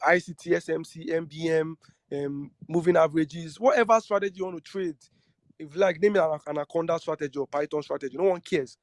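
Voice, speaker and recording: A man's voice: sits high, no room sound. A man giving an earnest lecture on trading psychology, often repeating himself and asking listeners questions. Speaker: trading teacher. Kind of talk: lecture-style talk to trading students.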